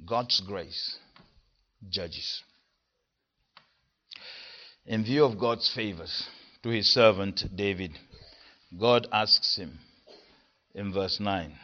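A man preaching an expository sermon, stressing key words with force and then dropping his voice low. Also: takes it slowly, long pauses, pushed and bright. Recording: dull lo-fi sermon recording.

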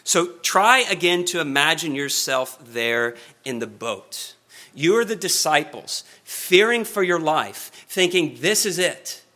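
A man preaching an expository sermon, earnest, slowing and speeding up for emphasis. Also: on the high side, big pitch swings. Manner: earnest, varies pace and loudness for emphasis.

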